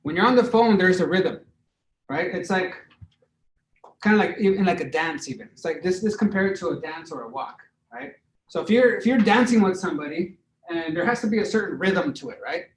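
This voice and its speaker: A high-voiced, energetic man leads an interactive, hands-on sales training at a fairly quick pace, demonstrating as he goes and checking in with his listeners with "right?" He's well back from the mic, so the sound is roomy and echoey, with faint background noise underneath.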